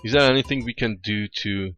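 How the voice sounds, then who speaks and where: A man's voice: on the low side, a little fast, a bit bright. A man, not a native English speaker, chatting casually on a live stream while programming, hesitant, with many restarts and fillers. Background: faint music playing.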